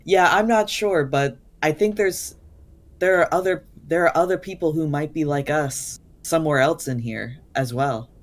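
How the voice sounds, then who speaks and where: A woman voicing a curious teenage psychic boy who talks to machines, eager and quick to ramble. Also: deep voice, natural voice. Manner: eager, chatty, tripping over words.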